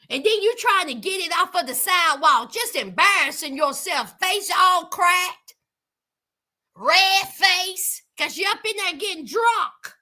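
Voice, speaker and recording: Sassy high-voiced woman commentator. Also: sharp tone. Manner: sassy, outspoken, addresses viewers as honey. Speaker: reality TV commentator. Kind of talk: reaction commentary.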